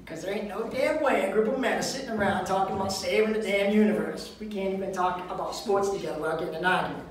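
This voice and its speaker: A man's voice: sits high, fast, slight background noise. A man from the telling profane stories in a stand-up comedy set at a live venue. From Lynn, Massachusetts. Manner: brash, profane storytelling. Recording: echoey venue from far off.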